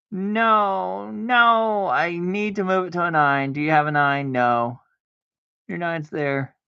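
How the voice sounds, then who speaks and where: Gravelly man muttering through a card game. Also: fairly high pitch, pushed and bright, no echo. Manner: argues with himself, mock-scared outbursts. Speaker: streamer playing solitaire. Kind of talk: casual gameplay commentary talking to himself. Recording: dull lo-fi dry sound.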